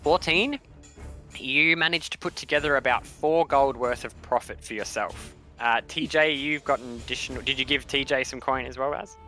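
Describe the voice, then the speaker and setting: A man's voice: medium pitch, sharp tone, faint music behind. A man running a tabletop game as dungeon master, narrating in a rambling way with many restarts. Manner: rambling, many restarts, puts on quick voices for townsfolk.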